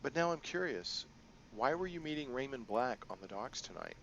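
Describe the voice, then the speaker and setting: A man doing a sly older woman crime boss for a game playthrough, all coy sing-song and pet names. The voice sits a bit higher than his own with a gravelly edge, on a dull, lo-fi recording with faint background noise. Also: big pitch swings, moderate pace, a bit bright. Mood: teasing. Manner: coy, sing-song, calls people dear and sweetie.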